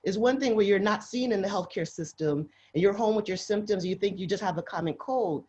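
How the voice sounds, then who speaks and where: A woman's voice: medium pitch, brisk, a little mellow, lo-fi sound. A woman speaking with passion on a webinar panel, often repeating herself. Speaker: nurse panelist. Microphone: video call.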